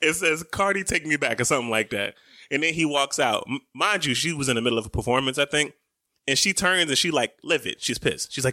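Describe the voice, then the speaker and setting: A young man co-hosting a casual podcast, animated and often laughing as he banters with his wife. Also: medium pitch, quick pace, dry recording, clean studio sound. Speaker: podcast co-host.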